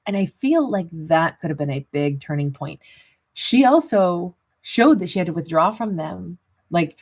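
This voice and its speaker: A woman's voice: on the low side, expressive, normal speed, a little mellow, husky. A woman giving a casual tarot reading, talking in a rambling, conversational way full of asides and the odd chuckle. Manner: chuckles at her own jokes. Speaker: tarot reader.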